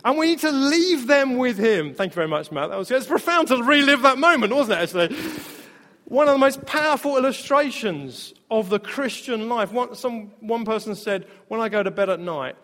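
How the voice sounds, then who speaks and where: A male pastor with a high voice preaches to his church, telling stories with energy and laughing along the way. His voice rings through a hall with a long reverb. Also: normal speed. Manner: storytelling, animated, laughs often. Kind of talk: sermon.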